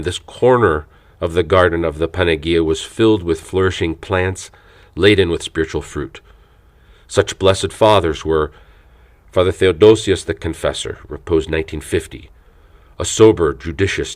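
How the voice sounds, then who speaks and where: Deep-voiced man narrating an audiobook.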